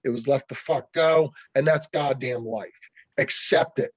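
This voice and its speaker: A man's voice: medium pitch, unhurried, dry recording, muffled recording. Blunt, profane arm-wrestling man. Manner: blunt, profane, heated ranting. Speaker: interview guest, arm wrestler. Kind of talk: casual interview over a call.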